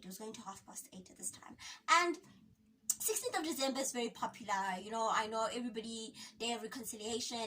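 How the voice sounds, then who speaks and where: A young South African woman with a high, bright voice tells a story to camera in a dramatic, expressive way. She acts out other people's quotes with sudden jumps in pitch. The mic sits a little way off. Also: slightly rough. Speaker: YouTuber. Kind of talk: animated storytime vlog. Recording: voice a bit distant from the mic.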